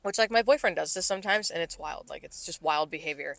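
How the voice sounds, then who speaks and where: A woman co-hosting a podcast who tells rambling stories in casual chat, heavy on filler words and quick to laugh. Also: lowish voice, creaky, no room sound. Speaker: podcast co-host.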